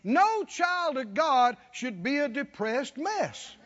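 A man's voice: very high-pitched, big pitch swings, takes it slowly, a bit bright, big-room sound. A man preaching a sermon, folksy and chuckling, calling out to his listeners to respond. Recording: dull lo-fi recording.

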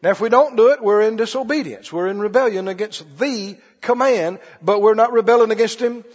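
Talking fairly quickly in a high voice, a pastor delivers a conversational sermon, posing questions to the congregation and playing out small scenes. A long hall reverb fills the dull, lo-fi recording.

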